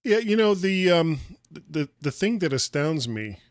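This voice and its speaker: A man's voice: a little high, big pitch swings, unhurried, no echo, clean studio sound. A man hosting a casual tech podcast, wry and lightly sarcastic as he reads out news stories and comments on them. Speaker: podcast host.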